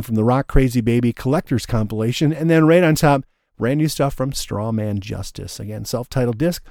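A man's voice: mid-range voice, a little mellow, no room sound. A man hosting a live radio show as DJ, talking in an enthusiastic, easygoing way from a studio.

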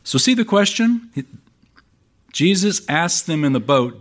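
A man preaching a sermon in a conversational way, reading scripture aloud with lively emphasis and wry asides. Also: sits high, measured pace. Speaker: pastor.

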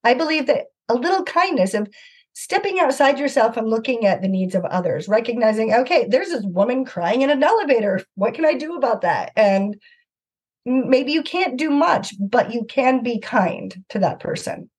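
In a conversational storytelling setting, a middle-aged woman, an author appearing as a guest, earnestly and animatedly recounts a personal story, often acting out the voices of the people involved. Her fairly high voice has a slightly husky, breathy edge and moves at a normal speed.

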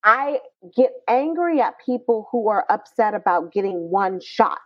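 Woman podcast co-host, lively, emphatic delivery; dry, slightly muffled sound. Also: medium pitch, unhurried, no echo. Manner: animated, emphatic, passionate. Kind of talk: casual panel discussion.

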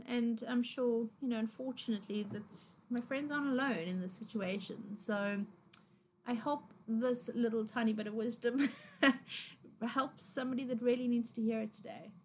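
A woman's voice: a little high, moderate pace, a little hiss or hum. A young woman hosting her own podcast from her couch at home, talking in a rambling, chatty way with fillers and little laughs. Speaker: podcast host. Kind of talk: casual solo podcast chat.

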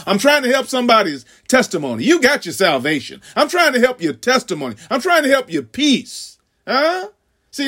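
Man preaching, high voice, lively swooping pitch, call-and-response, shouts then hushed asides. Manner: call-and-response, frequent "huh?"; swings between loud shouting and hushed asides. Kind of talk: sermon. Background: congregation laughing.

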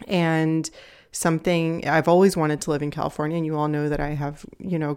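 A woman's voice: deep voice, a little mellow. A woman in her thirties hosting a solo podcast, speaking earnestly and confidingly straight to her listeners. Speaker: podcast host and nutrition coach. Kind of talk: casual solo podcast monologue. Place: home.

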